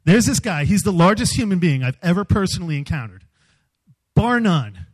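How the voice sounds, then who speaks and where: Animated, self-mocking man telling a story. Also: high voice, moderate pace, husky, low-quality recording. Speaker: youth speaker. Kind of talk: humorous storytelling sermon.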